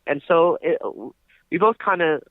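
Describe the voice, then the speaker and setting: In an unhurried, fairly high-pitched voice, a young man co-hosting a podcast recounts a long tale in relaxed conversation, peppered with fillers and false starts. The recording has no echo and a dry, tinny, phone-like quality.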